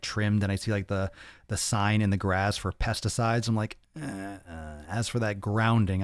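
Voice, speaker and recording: A man in his thirties hosts a casual live-stream Q&A and answers viewer comments. His voice sits low, and he talks in a blunt, profane, joking way. The sound is dry, with no room echo. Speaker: podcast host answering viewer questions.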